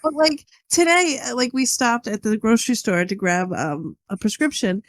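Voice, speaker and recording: Casting: rambling, chatty female podcast co-host, slightly high voice, dry close sound. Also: lively intonation, normal speed, no echo. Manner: rambling storyteller, full of "like". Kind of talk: casual chat.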